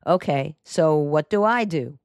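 A woman voicing a sardonic, stooped male detective with a slow, dry drawl, in an audiobook. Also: low-pitched, animated, darkish tone, dry recording.

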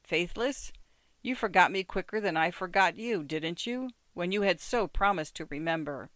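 A reader doing a proud, guarded woman in a storybook scene, precise and ironic as she talks to an old lover. The voice sits at a middle pitch, close and dry with no room sound. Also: lively intonation, moderate pace, a bit bright, dry recording, natural voice.

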